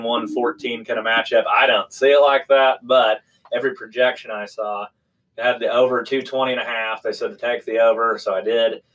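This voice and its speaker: A man's voice: medium pitch, fairly bright tone, low-quality recording. A man from St. co-hosting a casual sports betting chat, blunt and joking in his opinions. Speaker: co-host.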